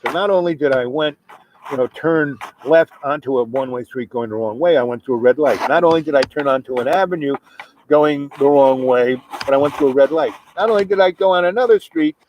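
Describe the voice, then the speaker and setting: A man with a mid-pitched voice spins a casual anecdote. He rambles, backtracks and restarts his sentences, with a soft chuckle here and there, over faint background noise. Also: brisk, rough recording. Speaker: storyteller.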